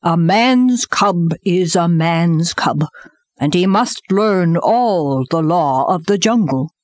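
A woman's voice: on the low side, lively intonation, slow, a little mellow, no echo, studio quality. A woman voicing an old male bear who teaches sternly, speaking earnestly and in a lecturing way in a storybook reading.

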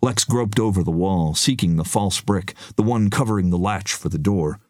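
A man with a lowish voice reads an action story aloud in a steady, even way. The recording is dry and close, with no room sound around it. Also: normal speed, no room sound. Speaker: audiobook narrator. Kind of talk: scripted narration.

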